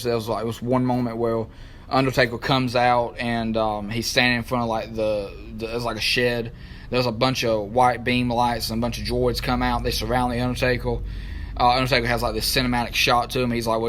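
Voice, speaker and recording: Excited man recapping wrestling. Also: medium pitch, slight background noise. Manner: animated, rambling, searches for names. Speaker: wrestling talk show co-host.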